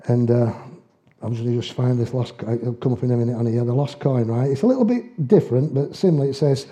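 A man's voice: medium pitch, quick pace, warm tone. An older man preaching a sermon, telling homely stories in dialect with chuckles along the way. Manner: folksy storytelling with dialect and chuckles.

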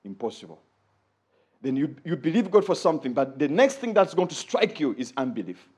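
A male preacher delivers a sermon with a lively, swooping delivery. His voice carries a husky edge. He jumps up high when he acts out quoted speech, then sinks low and quiet for asides. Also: fairly quick. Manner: animated preaching, rising to high exclaims when quoting and dropping low for asides.

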